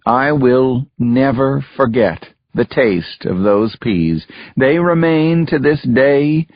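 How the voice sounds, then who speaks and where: A man narrating an audiobook in the first person, measured and grave. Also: mid-range voice, lively intonation, dry recording. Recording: dull, muffled dry recording.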